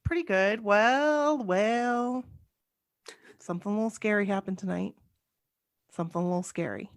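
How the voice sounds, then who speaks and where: A woman's voice: medium pitch, normal speed. A woman in her forties hosting a casual podcast, telling a personal story in long run-on sentences full of "like.". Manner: chatty, run-on storytelling with many "like"s. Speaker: podcast host.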